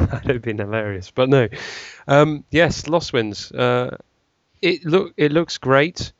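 A man's voice: medium pitch, slow, dry recording, lo-fi sound. A young British man co-hosting a casual tech podcast, joking and laughing as he runs through news items. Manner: jokey, laughing often, reading news items. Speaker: podcast co-host. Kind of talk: casual chat.

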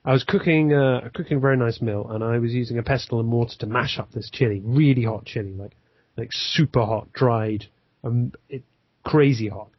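Man, casual podcast chat, rambling storyteller, flat dry room, lo-fi sound. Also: medium pitch, moderate pace, breathy edge, no room sound. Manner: rambling, self-deprecating storyteller. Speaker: podcast co-host.

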